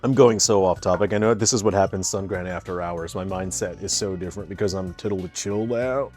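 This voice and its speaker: A man with a deep, low voice chats through his gameplay as a game developer. He wanders off into long explanations and keeps restarting and correcting his words. Soft game music plays quietly underneath. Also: steady tone, fast. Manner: rambling, digressive, explains terms at length; frequent restarts and self-corrections. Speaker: game developer playing and commenting. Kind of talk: casual gameplay commentary.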